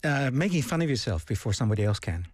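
A man's voice: medium pitch, fast, no room sound. Guy cohosting a chatty podcast, bouncy voice, lots of ums and little laughs, dry close sound. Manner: animated, laughs often, many ums and restarts. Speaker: co-host. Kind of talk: casual podcast chat.

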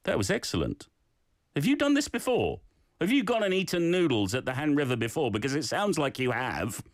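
Lively, playful male radio host. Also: on the high side, a little fast, no echo, clean studio sound. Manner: warm, encouraging and playful. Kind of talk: hosting a radio language segment.

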